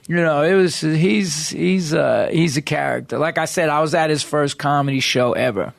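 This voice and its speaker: A man, a podcast guest, telling a profane, street-tough story quickly in a podcast studio. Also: fairly high pitch, creaky, dry recording. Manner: rapid street-tough anecdote, heavy swearing.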